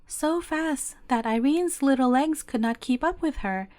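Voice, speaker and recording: A woman narrating a fairy tale as a bedtime story in a gentle, steady manner. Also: high-pitched, measured pace, no echo.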